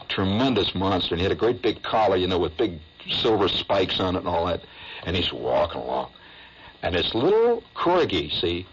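A man's voice: sits low, slight background noise, poor audio. Chatty man spinning a radio yarn. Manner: chatty, animated, breaks into amused asides. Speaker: radio host telling a story. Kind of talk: rambling comic storytelling.

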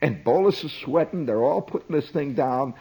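A middle-aged man telling a comic story, chatty and animated, with frequent asides to the listener. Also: fairly high pitch, moderate pace, husky, low-quality recording.

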